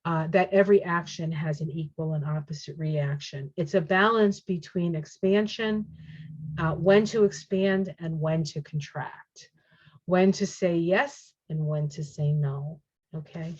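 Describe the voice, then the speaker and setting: A woman giving a casual tarot reading, chatty and excitable, reacting aloud to each card as she turns it. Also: on the low side. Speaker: tarot reader. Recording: dull lo-fi sound.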